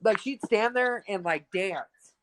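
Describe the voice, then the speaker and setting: A young woman in casual chat, telling animated stories and acting out what people said. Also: mid-range voice, slow, slight background noise, rough recording. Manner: animated, acts out quotes. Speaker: podcast co-host.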